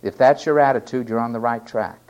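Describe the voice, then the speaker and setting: A male preacher in full flight, his voice climbing to fervent cries and then dropping almost to a whisper. He hammers his points home by repeating them, and his pitch sits in a plain middle range. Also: a little fast, muffled recording. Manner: dramatic swings from shouting to hushed near-whisper; emphatic, repeating phrases. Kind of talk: sermon.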